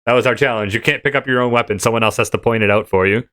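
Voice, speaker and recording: Smooth-voiced man hosting a casual chat. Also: mid-range voice, rapid-fire, bright, forceful tone, dry recording. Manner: rambling, with many fillers and restarts. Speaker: podcast host.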